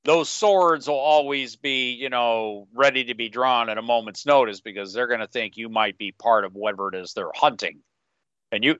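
Bright-voiced rambling male podcast host. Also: mid-range voice, clear, resonant tone, no echo. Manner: rambling, acts out quick in-character asides. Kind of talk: casual podcast chat. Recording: dull, slightly lo-fi, dry sound.

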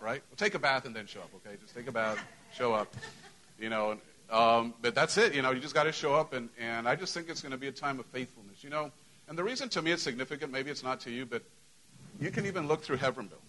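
A man's voice: medium pitch, fairly bright tone, rough recording. A middle-aged man, a pastor, giving church announcements to his congregation in a conversational way, full of "you know" fillers. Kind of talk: church announcements and sermon opening. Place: church sanctuary.

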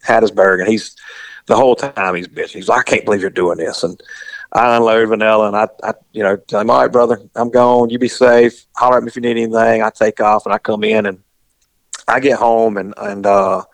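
A middle-aged man, casually telling a long, animated story and acting out the voices of the people in it. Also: lowish voice, brisk, vocal fry, no room sound, rough recording. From US South. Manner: rambling, animated, acts out quoted voices.

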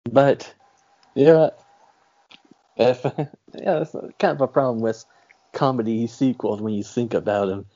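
A man's voice: mid-range voice, slow pace, long pauses, dark tone, dull audio. A man hosting a casual movie podcast, talking in an easygoing way and wrapping up the episode. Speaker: podcast host. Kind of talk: casual chat.

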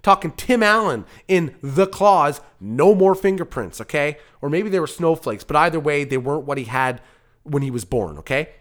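Animated rambling male podcast host. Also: a little high, moderate pace. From Canada. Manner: rambling, self-interrupting, jokey digressions. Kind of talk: rambling solo comedy podcast.

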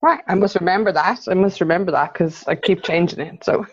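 A woman's voice: lowish voice, brisk, slightly rough, no room sound, muffled recording. A woman guest on a podcast, talking in a friendly, rambling way. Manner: friendly, rambling, laughs easily. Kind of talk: casual interview chat.

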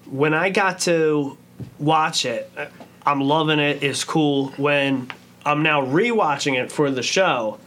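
Male podcast co-host, slightly high pitch, relaxed chat. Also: slow pace. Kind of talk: casual chat.

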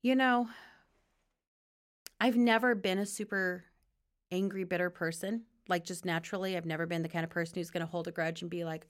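A woman's voice: on the low side, steady tone, moderate pace, a bit bright. A woman guest on a faith talk show telling her personal testimony in an earnest, conversational way, often laughing and acting out quoted dialogue.

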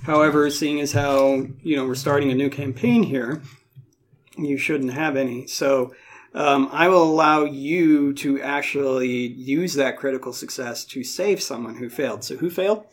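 A man running a tabletop game as game master, explaining rules with frequent fillers and quick laughs. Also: medium pitch.

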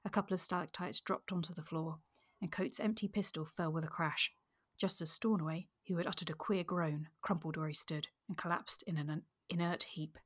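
A woman's voice: on the low side, moderate pace, few pauses. A woman co-hosting a book podcast, discussing a novel and reading a passage aloud. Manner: fillers, lively when excited. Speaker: podcast co-host.

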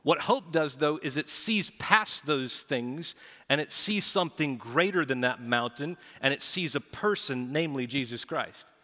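A male pastor preaches with a bright, forceful voice that sits a little high. He throws himself into his points and acts out quick back-and-forth exchanges. The sound is a live church hall recording with a long reverb tail. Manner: animated preaching, acts out quoted dialogue. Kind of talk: sermon. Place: large church auditorium.

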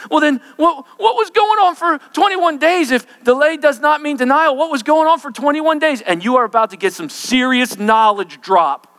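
A man's voice: extremely high pitch, normal speed, few pauses, fairly bright tone, big-room sound. A man preaching an expository sermon, emphatic and often checking in with his listeners.

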